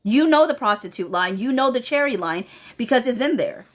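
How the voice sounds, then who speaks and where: A woman's voice: a little high, expressive, brisk. A woman on a casual commentary livestream, reading documents aloud and breaking into laughing asides to her chat.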